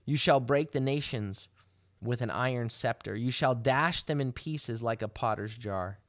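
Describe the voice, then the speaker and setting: A man's voice: medium pitch, measured pace, no echo, clean studio sound. A man teaching as a rabbi, explaining scripture verse by verse, often asking "right?" and rising to emphatic exhortation. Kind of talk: sermon teaching.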